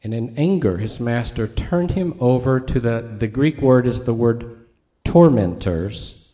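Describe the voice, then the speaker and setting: Mellow-voiced male pastor preaching. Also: mid-range voice, lively intonation, a little slow. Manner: conversational teaching, asides to the congregation. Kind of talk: sermon.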